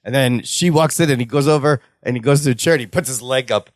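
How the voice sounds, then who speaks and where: A man's voice: mid-range voice, fast, no echo. A man co-hosting a podcast, chatting casually and acting out quoted lines with laughs along the way. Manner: animated, quotes lines in put-on voices, laughs often. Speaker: podcast co-host. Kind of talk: casual chat recapping a sitcom.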